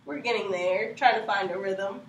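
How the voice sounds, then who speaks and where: A woman's voice: medium pitch, moderate pace. Woman talking from a distance in an echoey room. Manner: candid, blunt, swears casually. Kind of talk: casual chat. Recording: distant mic in echoey room with faint noise.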